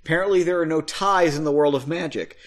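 A man's voice: on the high side, fast. A man reading his own book aloud in a casual way, breaking off for chatty, self-mocking asides and casual swearing.

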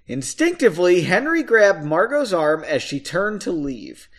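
A man reads his own novel aloud, stopping often for loose, self-mocking asides with the odd swear word. His voice sits a touch high and swings widely in pitch. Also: sing-song, a little slow, hardly any pauses. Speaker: author reading his own book. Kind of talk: casual book reading with asides.

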